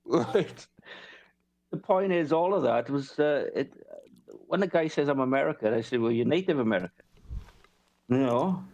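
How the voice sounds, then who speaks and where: Welsh man in casual podcast talk, rambling and swearing, mid pitch. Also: lively intonation, normal speed, pauses often, a little mellow, dry recording, rough recording. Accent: South Welsh. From Wales. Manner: rambling, swears freely, laughs often. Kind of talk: casual chat.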